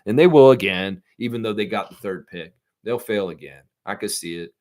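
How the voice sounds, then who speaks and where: This livestream host is a man with a Southern accent whose voice sits on the low side and moves at normal speed. Reading viewer comments aloud and responding, he rambles in an animated, casual way and slips into imagined voices.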